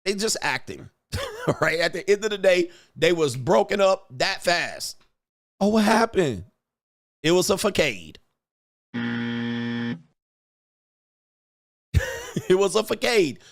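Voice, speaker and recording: A male host talks in a loose, crude livestream rant, boastful and full of swagger. His voice sits a bit higher than most men's, and he sounds cocky and unfiltered throughout. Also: expressive, measured pace, gravelly, long pauses. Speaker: show host.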